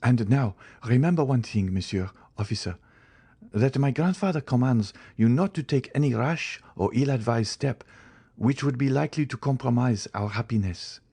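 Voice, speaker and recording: A man's voice: medium pitch, moderate pace, dark tone, slightly rough, pitched above the performer's own voice. A man voicing an anxious, devoted young noblewoman in an audiobook, pleading and crying out for help. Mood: gentle, earnest. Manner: pleading, rising to frantic cries. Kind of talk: audiobook character voice.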